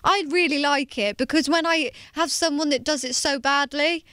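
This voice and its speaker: Brief: young English woman guest, high-pitched, candid and chatty, dry close mic. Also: normal speed, bright, forceful tone, dry recording. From England. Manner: chatty, candid, self-deprecating. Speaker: guest singer. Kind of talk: casual radio interview.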